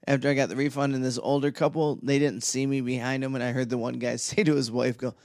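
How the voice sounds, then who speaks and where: A man co-hosting a podcast in casual banter, telling stories in an animated way, swearing and laughing. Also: mid-range voice, fast talker, no echo, studio quality. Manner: animated, profane, laughing storyteller. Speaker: podcast co-host.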